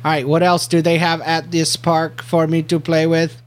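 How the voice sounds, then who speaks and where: A man's voice: fairly high pitch, completely flat delivery, normal speed. A man chatting casually with his young daughter, asking playful questions and teasing her with silly jokes. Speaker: father talking with his daughter. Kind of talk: casual chat with a child.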